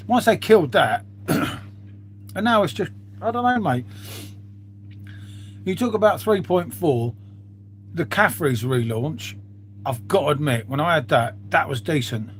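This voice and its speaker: A man's voice: a little high, slight background noise. Chatty man on a live stream. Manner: chatty, swears freely, talks to viewers as mate. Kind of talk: casual live-stream chat.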